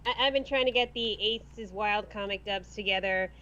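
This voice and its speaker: A woman artist in casual chat, talking in halting restarts and acting out quoted voices. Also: medium pitch, bright, forceful tone. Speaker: artist and fan voice dubber. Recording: dull lo-fi call audio.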